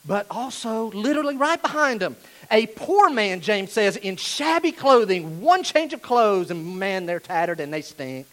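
Animated high-voiced male preacher. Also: a little slow. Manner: animated, rises to shouting. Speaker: pastor. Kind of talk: sermon.

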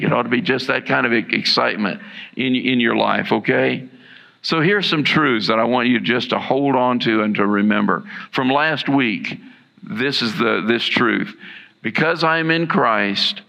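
A man preaching a sermon as pastor, earnest and repeating key lines for emphasis, with a gravelly voice. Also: mid-range voice, pushed and bright, dull audio.

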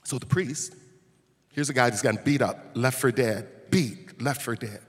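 A male pastor preaching a sermon, telling stories and rising to shouts at the peaks. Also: medium pitch, normal speed, breathy edge. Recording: long hall reverb.

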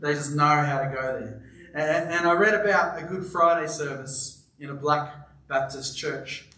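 Lively high-voiced preacher in echoey church. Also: male voice, normal speed, recorded from a distance. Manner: animated storytelling with playful asides. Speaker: pastor. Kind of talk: sermon. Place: church auditorium with live congregation.

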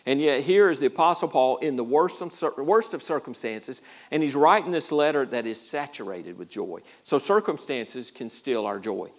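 A man's voice: mid-range voice, animated, normal speed, few pauses. A man preaching a sermon as pastor, in a folksy, self-deprecating way with a lot of repeated words. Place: church.

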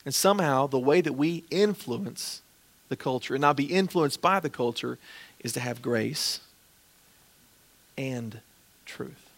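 A man preaching as a pastor, earnestly and gently pleading as he leads a closing prayer. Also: medium pitch, lively intonation, unhurried, gravelly, long pauses.

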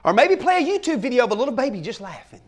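A man preaching an energetic sermon, full of folksy asides and sudden shouted bursts. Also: very high voice, rapid-fire. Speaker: pastor.

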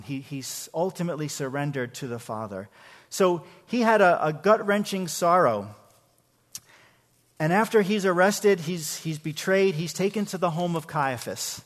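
Conversational pastor preaching in a reverberant hall. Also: male voice, fairly high pitch. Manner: conversational, repeats words at the start of phrases, asks the congregation questions. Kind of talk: sermon. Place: church sanctuary.

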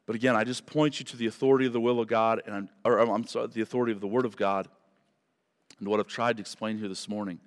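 A pastor with a lowish voice closes his sermon and prays in a church sanctuary, speaking quickly in a steady tone. He sounds earnest and pleading, now and then stumbling and correcting himself, and the hall is reverberant.

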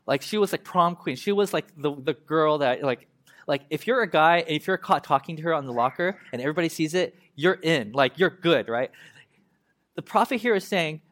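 A young man preaching a conversational sermon, reading scripture slowly and then explaining it in everyday talk. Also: on the high side. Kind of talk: casual sermon teaching.

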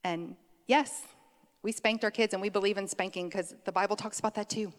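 A middle-aged woman giving a conversational sermon, chatty and quick to laugh, drifting off on tangents. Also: mid-range voice, fairly even intonation. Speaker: preacher. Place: church sanctuary. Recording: long hall reverb.

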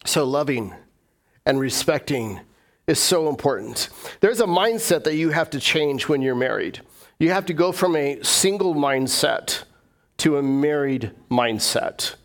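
Middle-aged male pastor, fairly high voice, chatty joking sermon delivery. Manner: conversational, joking, acts out inner voices. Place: church.

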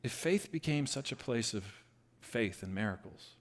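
A man preaching a conversational sermon, retelling a scripture story with lively bursts. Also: medium pitch, normal speed. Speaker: pastor.

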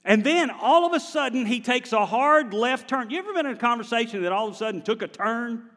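A man preaching a sermon to his congregation in a church, animated and conversational, drawing the congregation in. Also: extremely high pitch, fairly quick, long reverb tail. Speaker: pastor. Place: large church sanctuary.

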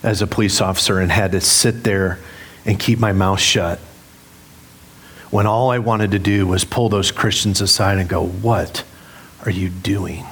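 A man's voice: on the low side, fairly even intonation, moderate pace, fairly bright tone. A middle-aged man preaching a sermon as pastor, candid and self-deprecating as he tells a story with humor. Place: church sanctuary.

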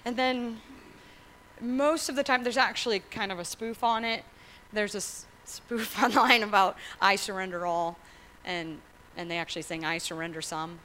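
Woman pastor, animated sermon delivery, bright and a little high, questions the room. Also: moderate pace, slight background noise, poor audio. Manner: animated, acts out quotes, asks the congregation questions.

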